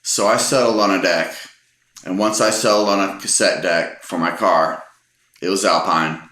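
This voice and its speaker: Man, middle-aged, very low voice, bright edge, rambling storyteller, lots of ums, echoey room. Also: steady tone, normal speed. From Texas. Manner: rambling, hesitant, many ums. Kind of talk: casual anecdote telling.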